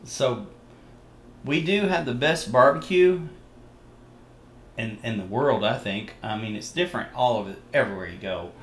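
A man's voice: medium pitch, lively intonation, normal speed, long pauses. A man from Texas with a Texan accent, chatting proudly and folksily as he reacts to a travel video. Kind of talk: casual reaction commentary. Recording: roomy echo, faint noise.

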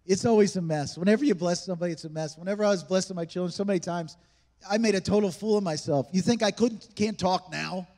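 High-voiced pastor preaching in a reverberant hall. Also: male voice, fast, a little mellow. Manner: emphatic, conversational preaching with rhetorical questions. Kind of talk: sermon. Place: church sanctuary.

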